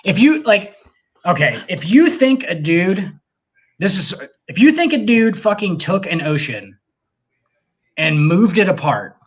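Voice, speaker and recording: A man on a casual podcast who rants in a husky, slightly rough voice. He swears constantly and presses his points with animated emphasis. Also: high-pitched, unhurried. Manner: profane, ranting, animated. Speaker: podcast co-host.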